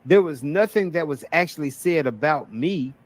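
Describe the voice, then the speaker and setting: A man's voice: fairly high pitch, animated, moderate pace. Man defending himself on stream. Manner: defensive, explaining. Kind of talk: casual stream talk.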